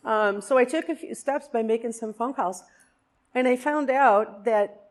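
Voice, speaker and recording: A woman in her fifties speaks to her church congregation, sharing a personal testimony in an earnest, rambling way. She circles back on her words and fills the gaps with fillers as she goes. Her voice sits in an ordinary middle pitch. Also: creaky, darkish tone. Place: church sanctuary.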